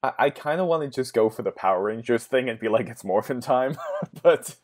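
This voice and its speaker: A man's voice: mid-range voice, expressive, brisk. A man chatting casually as a guest on a podcast, often laughing at his own ideas.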